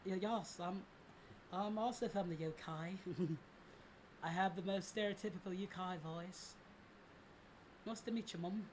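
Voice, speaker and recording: This is a put-on posh British accent, done by a man for a laugh. It comes out halting and clumsy, as if he is running out of words. The tone stays light and mocking throughout. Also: sits high, a little mellow, slight background noise. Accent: put-on British English. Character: man faking a posh English voice.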